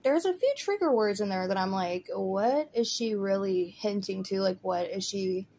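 A woman's voice: medium pitch, expressive, normal speed, creaky, dark tone, slight background noise. Chatty woman rambling through commentary. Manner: chatty, rambling, lots of "like" and "you know". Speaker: commentary host. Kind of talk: casual commentary vlog.

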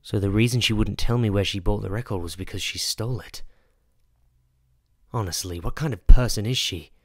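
A man voicing a timid, curious young girl who speaks hesitantly and softly. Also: lowish voice, brisk, no echo, studio quality. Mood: flustered. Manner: hesitant, soft-spoken.

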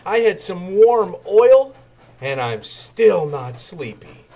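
A man's voice: high-pitched, slow pace, pitched above the performer's own voice, exaggerated voice. A man voicing a small, eager young tank engine who cannot sleep, in a storybook reading. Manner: excited, pleading.

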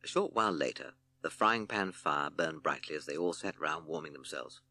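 A man narrating a children's audiobook in an expressive storytelling manner. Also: very deep voice, moderate pace, dry recording.

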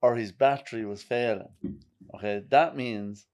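A man's voice: medium pitch, normal speed, darkish tone, dry recording. A middle-aged Irish man on a podcast, wry and blunt, often dropping to a mutter. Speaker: guest. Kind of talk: casual podcast chat.

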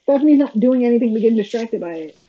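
A reaction video host with a highish, expressive voice talks very fast, giving sarcastic, exasperated running commentary during a casual watch-along. The lo-fi audio is slightly dull with faint noise.

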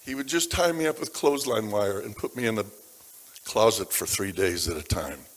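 A man preaching a sermon, telling stories about people from his congregation, dropping to a hush and then rising to loud emphasis. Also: lowish voice, animated, moderate pace. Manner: dramatic shifts between hushed and loud. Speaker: pastor. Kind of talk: sermon storytelling. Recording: long reverb of a large hall.

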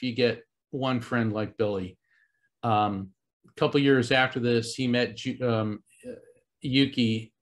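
A man's voice: mid-range voice, a bit bright. A middle-aged man from Central Florida telling a personal story to a live audience as a psychic medium, earnest and conversational, with many fillers and restarts. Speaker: psychic medium giving a talk.

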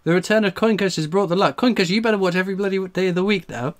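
A man's voice: high-pitched, very fast. A man hosting a live stream, exclaiming and laughing as he goes. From England. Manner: exclaiming, laughing, breathless with excitement. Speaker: coin collecting streamer. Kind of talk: excited live stream commentary.

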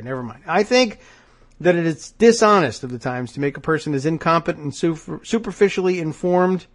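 A man with a blocked nose hosts a political talk show, his voice sitting slightly higher than most men's. He reads quotes aloud and pauses to pick them apart. His tone stays sardonic and wry. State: stuffed nose. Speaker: podcast host. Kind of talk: political commentary.

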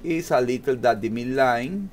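A man giving a calm, step-by-step ultrasound demonstration in an exam room, with non-native English phrasing. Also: mid-range voice, moderate pace, slight background noise. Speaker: ultrasound instructor.

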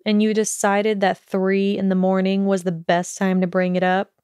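A woman voicing a sullen, sharp-tongued young wizard, scornful and biting in an audiobook reading. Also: medium pitch, level tone, normal speed, clear, resonant tone, no echo, studio quality, lightly acted. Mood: weary.

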